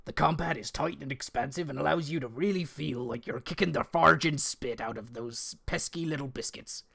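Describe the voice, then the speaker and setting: A man's voice: on the high side, brisk, vocal fry, fairly bright tone, slightly rough, exaggerated voice. A man reading a friend's comic game review script aloud in a put-on West Country accent. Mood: mock-grand. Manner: amused, stumbling over mild fake swears. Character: absent male co-host read aloud, mock American-turned-West Country.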